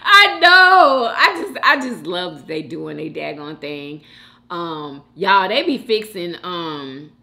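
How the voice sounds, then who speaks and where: Slow, animated woman chatting. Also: low-pitched, vocal fry. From Houston, Texas. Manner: chatty and emotional, calls viewers girl and sis. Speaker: mukbang host reading live chat. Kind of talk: casual chat.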